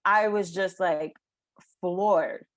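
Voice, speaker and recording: A young adult woman, a podcast guest, tells a personal story in an earnest, emotional way with halting pauses and fillers. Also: on the low side, dry recording.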